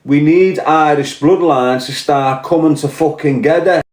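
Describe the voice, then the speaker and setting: A man's voice: a little high, unhurried, a little mellow. A man with a Liverpool Scouse accent delivering a blunt, profane, heated monologue, urging his listeners on. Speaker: podcast host. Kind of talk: impassioned monologue to camera. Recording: roomy echoey room.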